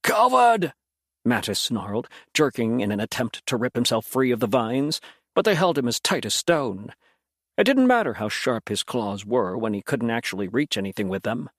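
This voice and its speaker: Expressive male fantasy narrator, lively delivery, dry booth sound. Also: medium pitch, normal speed, dry recording. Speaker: audiobook narrator.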